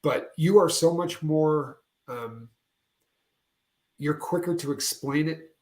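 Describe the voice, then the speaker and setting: Animated man in an echoey room. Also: on the high side, slow. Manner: animated storyteller, laughs often. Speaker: podcast co-host. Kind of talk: casual chat. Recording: roomy echo.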